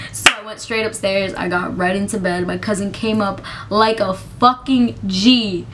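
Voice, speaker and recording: A young woman telling a storytime vlog, animated and swearing freely, often laughing as she talks. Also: mid-range voice, normal speed, few pauses, slight background noise. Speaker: vlogger.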